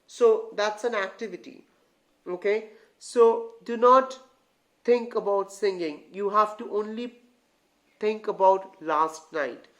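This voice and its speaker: An English tutor explains reading comprehension to online learners in a middle-pitched voice. The tutor often stops to ask whether the viewers follow and calls them guys. Phrases get repeated and restarted along the way. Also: slow, a bit bright. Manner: keeps checking in with the viewers. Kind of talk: online grammar lesson.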